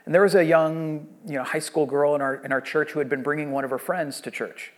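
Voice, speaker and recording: A man's voice: fairly high pitch, steady tone, fairly quick. A man in his thirties, a pastor preaching a sermon and telling a long story in a conversational way with frequent restarts.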